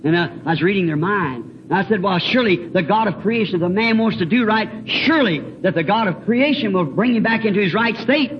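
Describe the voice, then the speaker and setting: High-voiced man preaching on dull old tape. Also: lively intonation, brisk, few pauses, slight background noise. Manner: folksy, rambling storyteller with emphatic exclamations. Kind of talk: fervent sermon with personal testimony. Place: church building.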